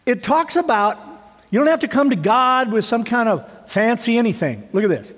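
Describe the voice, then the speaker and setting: High-voiced preacher in a reverberant hall. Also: male voice, lively intonation, normal speed. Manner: conversational preaching with rhetorical questions and repeated words. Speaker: pastor. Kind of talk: sermon. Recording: long reverb of a church hall.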